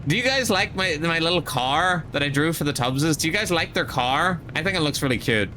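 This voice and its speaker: A young man streaming live, tipsy and chatting casually in a rambling, excitable way, full of restarts. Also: on the high side, brisk, faint music behind.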